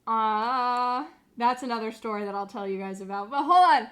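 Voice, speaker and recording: A woman's voice: a little high, moderate pace, fairly bright tone. A young woman streamer chatting casually, rambling, sarcastic and swearing freely. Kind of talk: casual live-stream chat.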